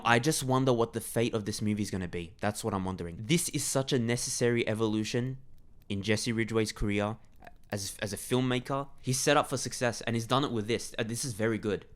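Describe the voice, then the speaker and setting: Brief: male vlogger, quick-fire delivery, loose conversational movie review with many false starts. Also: medium pitch. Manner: fast, rambling, with frequent restarts. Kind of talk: casual spoken movie review.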